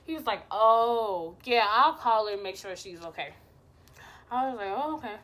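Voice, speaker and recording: A woman's voice: fairly high pitch, animated, moderate pace, fairly bright tone. A young woman vlogger telling a personal story in casual chat, acting out the quotes and swearing freely. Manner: chatty, acts out quotes, swears.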